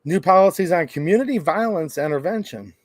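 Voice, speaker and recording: A middle-aged man hosts an opinionated commentary, animated, with sarcastic asides and acted-out quotes. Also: high-pitched, a little fast, dry recording. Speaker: gun-rights channel host.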